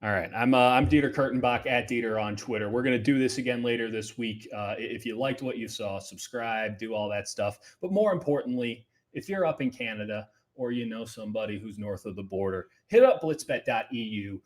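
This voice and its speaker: A man hosting a sports betting show, talking casually and loosely, often dropping into quiet asides. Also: mid-range voice, a little fast, hardly any pauses.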